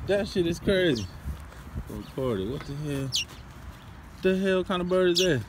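A man vlogging outdoors in his neighborhood, brash and joking, cursing freely and calling out loudly to the kids nearby. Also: high voice, animated, a little slow, a crowd in the background. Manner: brash, joking, loud with frequent laughs. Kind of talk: casual profane street vlog commentary. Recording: noisy outdoor street recording.

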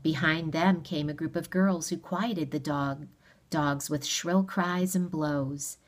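A woman reading a novel aloud in a steady, measured storytelling manner. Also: low voice. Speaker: audiobook reader. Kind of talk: read-aloud narration of a novel.

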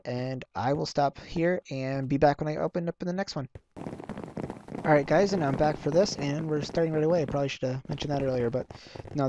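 A man giving rambling live commentary over his own gameplay, reacting loudly and quickly with mild exclamations. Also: medium pitch, dry recording, clean studio sound. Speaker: gaming channel host.

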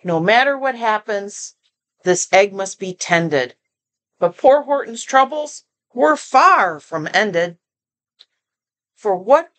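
An older woman reading a children's picture book aloud, expressive, often stopping to comment and to ask the listening child questions. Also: medium pitch. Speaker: storyteller.

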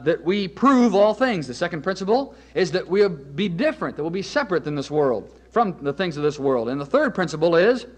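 A man preaching a sermon as an evangelist, emphatic, repeating key phrases slowly for weight. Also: sits high.

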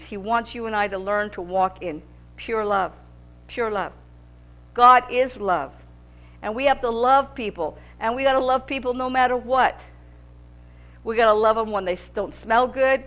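A woman's voice: mid-range voice, a bit bright. A woman teaching a Bible lesson in an earnest, repetitive preaching manner, sometimes rising in volume for emphasis. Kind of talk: sermon teaching.

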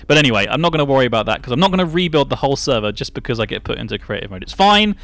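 A man's voice: medium pitch, sing-song, very fast, a bit bright, no room sound. Chatty man hosting a game show. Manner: chatty, laughing, explains step by step. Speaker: host. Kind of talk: casual Minecraft gameplay chat.

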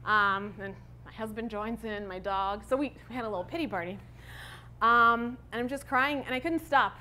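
High-voiced woman giving a candid talk. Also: moderate pace, pushed and bright, slight background noise. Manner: candid and conversational, many fillers. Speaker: conference speaker. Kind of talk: conference talk. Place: conference stage.

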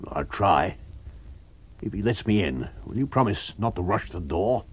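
A man reading a book aloud, voicing a blunt, brave police officer with a husky voice and firm, clipped delivery. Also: low-pitched, lively intonation, unhurried, heavily acted. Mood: resolute.

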